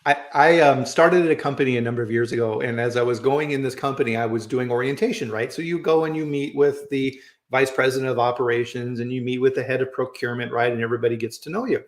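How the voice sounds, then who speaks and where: A man hosting a casual talk, with a voice of middle pitch. He tells stories at an easy pace and keeps asking "right?" as he goes. The room is echoey and roomy. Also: fast. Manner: storytelling, says "right?" often. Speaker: host. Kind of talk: casual chat.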